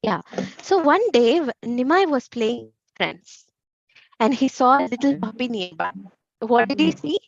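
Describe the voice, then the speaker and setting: High-voiced woman telling kids a story. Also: a little slow, gravelly, no room sound, dull audio. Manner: asks kids questions, animated. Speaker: children's class teacher.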